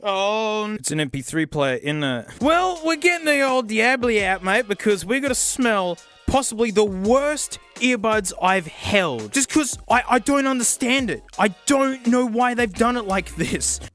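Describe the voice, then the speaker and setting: Male vlogger, sarcastic and excitable, very lively pitch, faint music behind. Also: a little slow, few pauses. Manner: excitable and sarcastic, laughs often. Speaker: gadget reviewer. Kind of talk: casual product review vlog.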